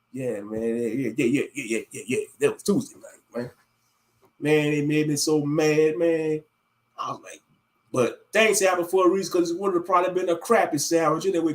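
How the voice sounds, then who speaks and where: A man hosting a casual livestream, ranting animatedly with plenty of cursing. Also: a little high. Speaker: livestream host.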